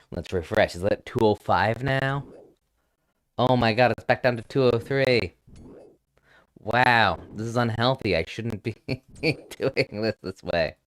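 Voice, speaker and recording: A man's voice: mid-range voice, slow pace, long pauses, fairly bright tone, a little hiss or hum. A man chatting casually on a live stream through a headset mic, rambling, swearing offhandedly and poking fun at himself.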